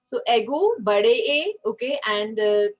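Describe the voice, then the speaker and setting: A woman's voice: on the high side, animated, a little fast, rough recording. A woman teaching an online French class, patient and checking in with frequent okays.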